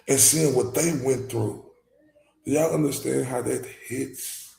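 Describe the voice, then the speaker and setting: Gravelly man ranting in an echoey room. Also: measured pace. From Dallas, Texas. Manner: emphatic, swings between loud outbursts and low muttering. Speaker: YouTube commentator. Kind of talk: casual reaction commentary.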